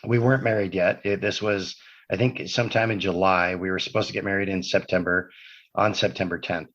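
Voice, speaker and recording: A man's voice: deep voice, steady tone, fairly quick, fairly bright tone. A man, a podcast guest, telling a long personal story in casual conversation, wandering and correcting himself as he goes. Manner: rambling anecdotal storytelling with self-corrections. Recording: dull lo-fi podcast audio.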